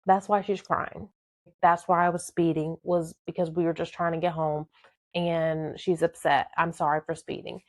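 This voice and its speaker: Brief: woman doing a cool, unbothered young boyfriend, slightly lower, slow, dry sound. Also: little pitch movement, dry recording. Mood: soothing. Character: calm young male boyfriend, smooth talker.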